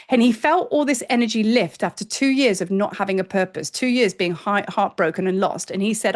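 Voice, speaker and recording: A middle-aged woman, a spiritual teacher telling a story in a chatty, animated vlog. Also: medium pitch, fast talker, few pauses. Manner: animated, chatty, acts out quoted voices.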